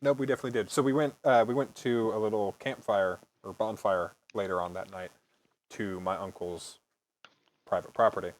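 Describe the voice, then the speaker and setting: A man's voice: lowish voice, steady tone, brisk. A man in his early twenties, host of a casual podcast, telling rambling stories, swearing freely and laughing often. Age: early 20s. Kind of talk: casual storytelling chat.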